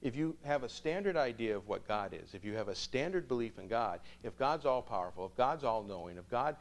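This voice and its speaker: A man, a priest, telling a story to students in an animated way, acting out the dialogue. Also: mid-range voice, fairly quick.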